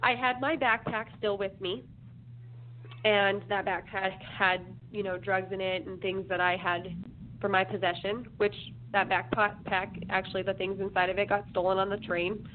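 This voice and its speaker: A woman guest slowly telling her life story in an interview, with measured pauses. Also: mid-range voice, level tone. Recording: phone line with faint hiss.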